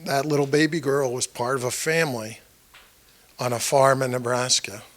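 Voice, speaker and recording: With a mid-range, slightly bright voice, fairly even intonation and a moderate pace, a candidate gives a conversational campaign speech to around 30 people in a meeting room. He acts out quoted dialogue in his stories and questions the crowd directly.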